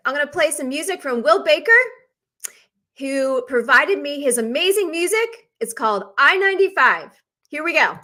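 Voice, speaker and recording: Forties woman talk show host, bright and a touch high, bold and emphatic, live stream. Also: expressive, normal speed. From Northern United States. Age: 40s.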